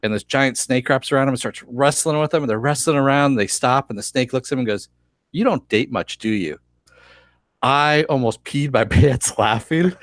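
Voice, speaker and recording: A man co-hosting a podcast, chatting casually and telling animated stories with frequent laughter. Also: mid-range voice, no room sound, studio quality. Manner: animated storyteller, laughs often. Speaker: podcast co-host. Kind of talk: casual chat.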